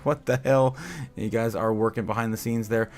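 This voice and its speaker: A man's voice: on the low side, steady tone, normal speed, faint music behind. Rambling man reading chat. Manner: rambling, lots of filler "uh", laughs at chat. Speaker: host of a crypto livestream. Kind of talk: casual livestream chat, reading headlines and chat.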